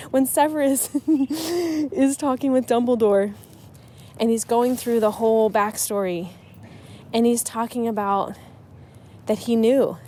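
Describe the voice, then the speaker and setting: Mellow-voiced chatty woman podcaster. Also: a little high, slow, a little hiss or hum. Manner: chatty and emotional, with frequent restarts. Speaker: podcast host on writing. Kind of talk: casual solo podcast talk.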